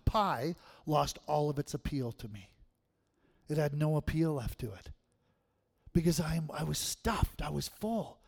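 A man preaching with animated energy, his voice a little higher than most men's. He swings between loud punchy bursts and quiet asides, laughing as he tells stories. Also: a little slow, gravelly. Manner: animated storytelling, laughs often. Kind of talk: sermon.

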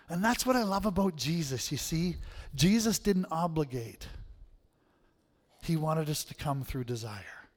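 A man's voice: a little high, animated, a little slow. Man preaching in an echoing hall. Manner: conversational, often asks the room "right?". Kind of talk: sermon.

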